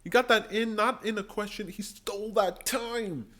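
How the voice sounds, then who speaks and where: A man vlogger giving excited, gushing commentary on debate clips, often mimicking the people he talks about. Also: high voice, moderate pace. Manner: animated and gushing, mimicking voices.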